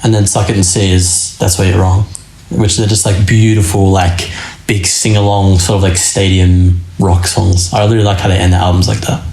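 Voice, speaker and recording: A man's voice: deep voice, little pitch movement, moderate pace, creaky, darkish tone. Rambling man in a roomy space. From Australia. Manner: rambling, loose, many fillers and restarts. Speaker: singer of a rock band. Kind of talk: casual podcast chat. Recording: roomy echo.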